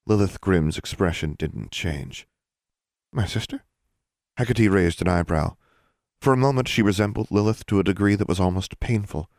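Deep-voiced male audiobook narrator. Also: normal speed, darkish tone, dry recording, clean studio sound. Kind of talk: scripted narration.

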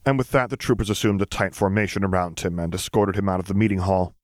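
A man narrating fan fiction as an audiobook reader, in a steady, measured way. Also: deep voice, no room sound.

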